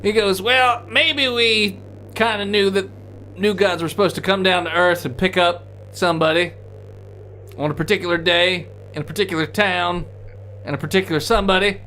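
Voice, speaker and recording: Man doing a grumpy townsman, high strained yelling, bright hard edge, exasperated ranting. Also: steady tone, normal speed, a little hiss or hum. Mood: evasive grumbling.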